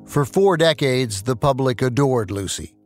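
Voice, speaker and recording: A man giving measured, scripted documentary narration. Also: medium pitch, animated, soft background music.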